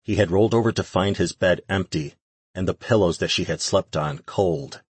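A man narrating a fantasy audiobook in a steady, even reading. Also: low-pitched, normal speed, slightly rough, no echo. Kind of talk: scripted narration.

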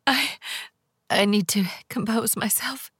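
A man voicing a distraught middle-aged woman in an audiobook, pitching up into a high, shaken, breathy voice. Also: takes it slowly, bright, forceful tone, no room sound, studio quality, exaggerated voice. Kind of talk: audiobook character voice.

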